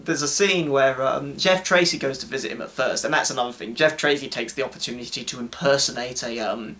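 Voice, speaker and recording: A man's voice: mid-range voice, brisk, sharp tone. A man co-hosting a casual chat, talking loosely, laughing often, swearing and mimicking characters. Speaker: co-host.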